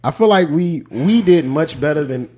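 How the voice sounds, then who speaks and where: A man with a New Orleans accent, co-hosting a casual podcast chat, animated and argumentative. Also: on the high side, normal speed. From New Orleans, Louisiana. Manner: animated, argumentative, laughs while talking. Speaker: podcast co-host.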